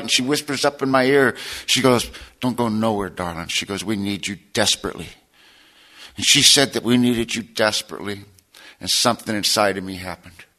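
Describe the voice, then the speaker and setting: A man sharing his life story at a recovery meeting, a streetwise, slangy storyteller with rough, self-mocking humor. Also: lowish voice, sharp tone. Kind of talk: personal testimony to an audience.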